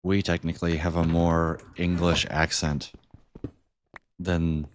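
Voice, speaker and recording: A man's voice: deep voice, takes it slowly. A man chatting casually on a livestream, rambling and chuckling between thoughts. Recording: steady background noise.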